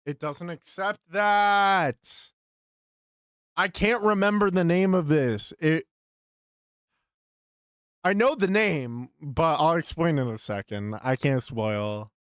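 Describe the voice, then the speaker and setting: A man's voice: fairly high pitch, takes it slowly, pauses often, clear, resonant tone, no echo, studio quality. A young man live-streaming, chatting to his viewers as he guesses games, muttering and swearing at misses. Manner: hums game tunes under his breath.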